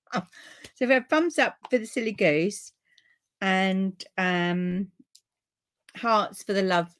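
A middle-aged woman with a British accent hosting a relaxed live papercraft stream, chatting to viewers and easily delighted. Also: medium pitch, takes it slowly, pauses often. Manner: chatty and easily delighted, with frequent gasps and laughs.

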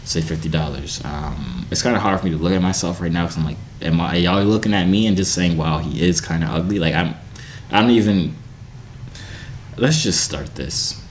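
A man's voice: low-pitched, a little fast, slight background noise. A young man hosting his video channel, joking and teasing strangers in a casual video chat. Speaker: YouTuber host.

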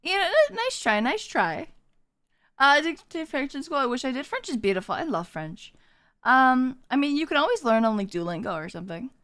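Bubbly high-voiced woman streamer. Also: very animated, moderate pace, a bit bright. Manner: bubbly, reads and thanks chat. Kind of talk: live stream chat with viewers.

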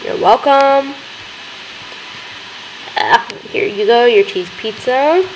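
A young woman hosting a gaming video, chattering excitedly as she plays and talking to the characters on screen. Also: fairly high pitch, slow, slight background noise, rough recording. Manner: excitable, gasping, talks to game characters. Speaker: gaming channel host. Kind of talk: let's-play commentary.

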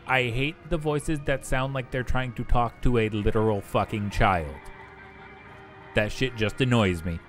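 Young man, gaming streamer, casual, profane, rambling, soft music under. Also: mid-range voice, a little slow. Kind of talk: casual chat while gaming.

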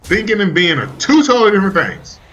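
A young man streaming a card game, riffing in an animated, profane, storytelling banter. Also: sits high, fast talker, highs cut off. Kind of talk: comedic riffing while playing a card game.

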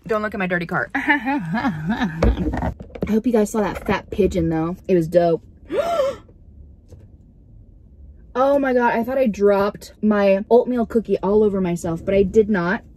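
A woman's voice: medium pitch, normal speed, a little mellow, a little hiss or hum. A young woman vlogging from inside her parked car, chatting casually in a rambling, giggly way that startles easily. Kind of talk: casual vlog chat.

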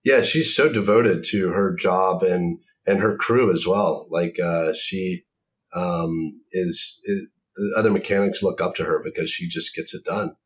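A man talking as an author in a casual discussion, thoughtful and measured, with frequent pauses and ums. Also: low-pitched. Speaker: author and series creator.

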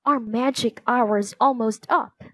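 A woman's voice: on the high side, steady tone, slow pace, fairly bright tone, no echo. A woman voicing a sensible, cautious young boy magician. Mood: calm. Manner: level-headed and careful.

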